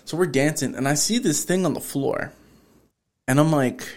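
Animated, profane male podcast host. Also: a little high, normal speed. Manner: animated, profane, acts out quoted lines. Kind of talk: casual storytelling chat.

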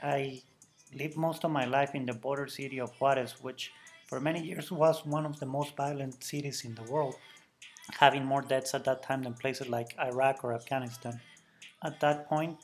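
A mid-pitched man in his thirties with a Mexican Spanish accent talks as a podcast guest. He speaks earnestly, with small hesitations, over faint music. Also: fairly even intonation, normal speed. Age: 30s.

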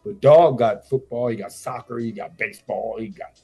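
A man's voice: mid-range voice, moderate pace, creaky, mellow, breathy edge, soft background music. A man on a radio show, bragging loosely about his fighting and betting, with rambling slang and swearing. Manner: boastful, rambling, profane slang. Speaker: radio guest. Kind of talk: boastful casual chat.

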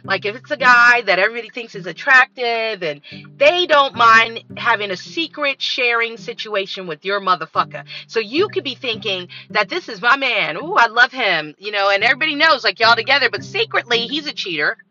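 Woman podcast host, blunt and profane, piercing bright tone, dull lo-fi sound, faint music behind. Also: on the high side, brisk. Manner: blunt, profane, animated storytelling. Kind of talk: candid podcast monologue.

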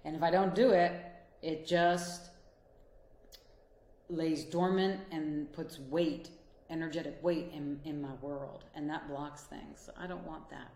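A woman with a somewhat low voice gives a motivational talk, speaking straight to the listener in an earnest, encouraging tone. She is a life coach and couples therapist. Her voice rings in a roomy, echoey space. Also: steady tone, measured pace, warm tone, slight background noise. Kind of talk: motivational monologue.

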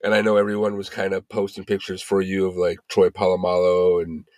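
A man hosting a podcast, laid-back, giving short supportive replies and asking gentle questions. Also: sits low, completely flat delivery, brisk, no room sound, studio quality. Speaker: podcast host. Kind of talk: casual interview chat.

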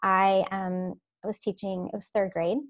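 A woman teacher telling classroom stories in a casual, animated way, laughing as she goes. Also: mid-range voice, measured pace. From Florida. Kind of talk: casual storytelling on a podcast.

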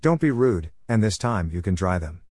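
A man's voice: low voice, sing-song, moderate pace, darkish tone, no echo, studio quality. A man reading a story, voicing a patient but firm grandmother on a camping trip. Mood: stern.

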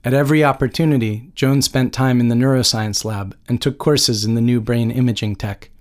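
A man's voice: medium pitch, fairly even intonation, a little fast. A man reading a novel aloud as an audiobook narrator, with a dry, wry storytelling manner. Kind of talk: scripted narration.

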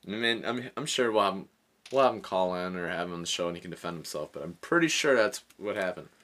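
A man hosting a podcast, telling a story in casual chat, animated and swearing freely, often laughing as he talks. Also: low voice, fast talker. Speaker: podcast host.

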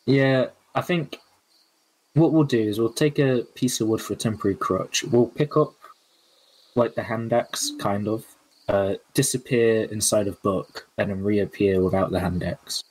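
A man's voice: on the low side, fairly even intonation, measured pace, a little mellow, rough recording. A man playing a tabletop game, talking casually with hesitant fillers. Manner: hesitant, full of hedges and fillers. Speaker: player.

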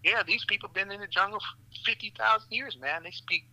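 A man with a forceful, sharp-edged voice pitched somewhat high spins an animated story as a doctor on a podcast. He swears freely, laughs as he talks, and drops "man" and "brother" into nearly every phrase. The recording is dry and close. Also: a little fast, no room sound, low-quality recording. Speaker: physician guest.

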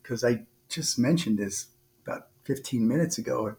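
A man's voice: mid-range voice, normal speed, creaky, a little mellow. Male podcast guest, ex-navy officer; earnest conversational storyteller, many false starts, acts out quoted dialogue. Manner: rambling, frequent restarts and fillers. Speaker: former naval officer.

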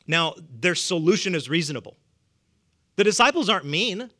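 A man's voice: a little high, animated, fast, sharp tone. A man with a Southern US accent preaching a sermon, humorous and conversational, chuckling often. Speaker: pastor.

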